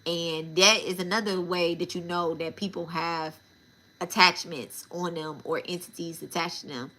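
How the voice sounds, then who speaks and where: Woman w/ aave storytelling casually, bright sharp voice, swears a lot, keeps saying y'all. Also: fairly low pitch, normal speed. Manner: animated, profane, addresses listeners as y'all. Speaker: spiritual channel host.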